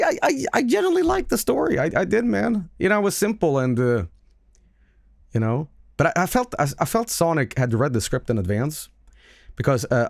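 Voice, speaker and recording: Animated, stammering male streamer. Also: medium pitch, no echo, clean studio sound. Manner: rambling, stammering, swearing, laughing a lot. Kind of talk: casual stream chat.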